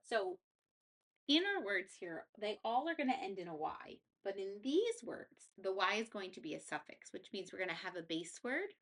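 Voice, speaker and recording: A woman's voice: mid-range voice, very animated, moderate pace, fairly bright tone. Woman teacher explaining phonics patiently.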